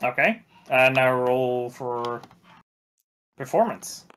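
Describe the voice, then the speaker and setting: A man running a tabletop game as game master, narrating in a halting way with many restarts. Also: medium pitch, expressive, fairly bright tone, a little hiss or hum. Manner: halting, full of fillers and restarts.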